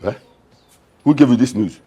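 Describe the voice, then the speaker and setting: An actor with a Nigerian accent playing a blunt, mocking middle-aged father who talks loudly and repeats himself. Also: mid-range voice, moderate pace, breathy edge, lightly acted. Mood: scornful. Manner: mocking, loud, repetitive.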